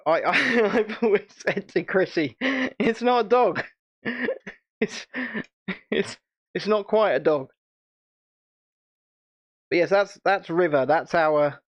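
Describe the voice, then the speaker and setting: A man's voice: a little high, lively intonation, takes it slowly, long pauses, highs cut off. A British man hosting a casual livestream chat, chatty and rambling, and laughing often. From United Kingdom. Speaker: channel host.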